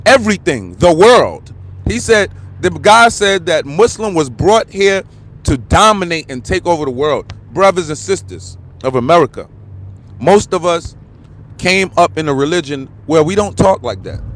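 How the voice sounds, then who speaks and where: A man with a notably high-pitched voice delivers a fired-up live-stream rant. He repeats himself for emphasis and drops casual slang like "bruh" and "bro" between points. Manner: heated, repetitive, slangy, calls listener "bro". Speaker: online commentator.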